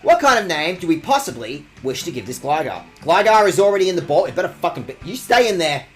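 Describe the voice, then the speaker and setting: A man's voice: a little high, sing-song, quick pace, soft background music. A young man streaming a video game, swearing and mock-outraged as he reads the game text aloud and talks to chat. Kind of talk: casual let's-play commentary.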